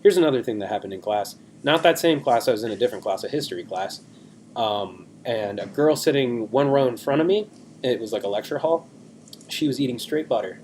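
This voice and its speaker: A man's voice: mid-range voice, animated, fairly quick, darkish tone, a little hiss or hum. A young man in his twenties, a podcast co-host, chatting in a rambling, self-deprecating way on a video call. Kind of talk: casual chat.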